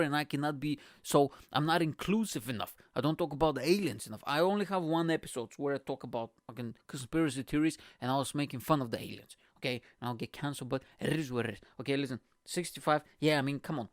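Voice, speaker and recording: A man's voice: medium pitch, no echo, studio quality. A man hosting his own podcast, rambling from tangent to tangent with a joking, heavily profane manner. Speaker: podcast host. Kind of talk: casual solo podcast rambling.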